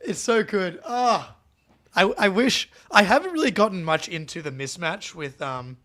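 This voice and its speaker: Bright, excitable man co-hosting a stream. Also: high voice. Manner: excitable, laughs often, quick apologies. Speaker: podcast co-host. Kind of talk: casual live-stream chat.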